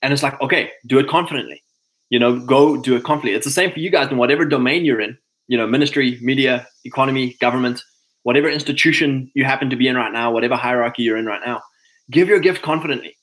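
A man's voice: medium pitch, fast, a bit bright, poor audio. A man giving a casual motivational talk to other men, conversational, often repeating himself and acting out little quoted lines. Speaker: speaker addressing men.

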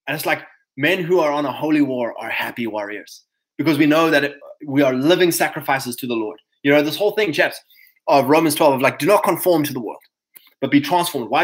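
A man's voice: a little high, rough recording. Fired-up preachy man addressing his viewers. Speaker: host. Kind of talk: casual livestream talk.

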